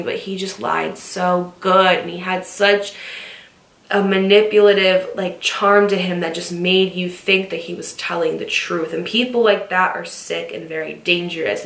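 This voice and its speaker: A young woman candidly telling a story about a past relationship at home, speaking in quick bursts and then slowing down when emotional. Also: on the low side, gravelly, fairly bright tone. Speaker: storytime vlogger. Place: at home, facing the living room. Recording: roomy echo, distant mic.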